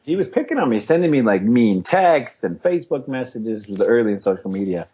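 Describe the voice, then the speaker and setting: A man's voice: mid-range voice, a little fast. A middle-aged man, a retired fighter, chatting as a guest and animatedly acting out quotes as he tells his stories. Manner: animated storyteller, acts out quotes, laughs often. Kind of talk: casual interview chat. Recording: dull lo-fi podcast audio.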